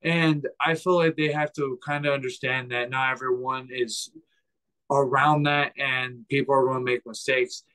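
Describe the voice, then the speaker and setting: A man who is a fighter, a guest on a casual podcast, who talks slowly and searches for his words. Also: medium pitch, fairly even intonation, fairly bright tone, poor audio.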